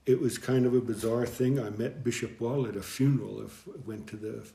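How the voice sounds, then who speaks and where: Halting storytelling man, echoey room. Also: medium pitch, steady tone, vocal fry, warm tone. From American Southwest. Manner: rambling, halting, chuckles often. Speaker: guest deacon. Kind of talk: storytelling in conversation.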